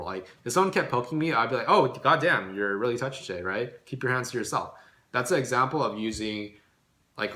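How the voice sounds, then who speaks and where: A man's voice: on the low side, sharp tone. A young man hosting a casual self-help video, talking in an informal way and cursing now and then in his examples. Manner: informal, swears when acting out examples. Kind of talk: casual advice talk. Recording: echoey room.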